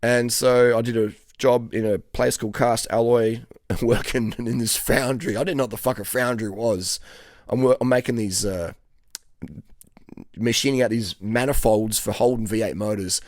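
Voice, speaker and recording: A man in his forties with an Australian accent, telling a profane, animated story to camera in casual slang. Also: mid-range voice, moderate pace, no echo, studio quality. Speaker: cycling vlogger.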